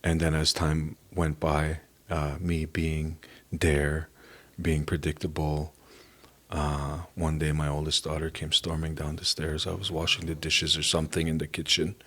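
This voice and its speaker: A middle-aged man from Canada giving an earnest, halting personal testimony as a podcast guest. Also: very deep voice, little pitch movement, a bit bright. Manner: earnest, halting, emotional at times.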